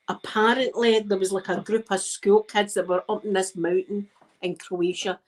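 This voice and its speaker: Scottish woman, 50s, soft-spoken ASMR chat, knitting while talking, rambling storyteller, mid-range pitch. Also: low-quality recording. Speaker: ASMR creator.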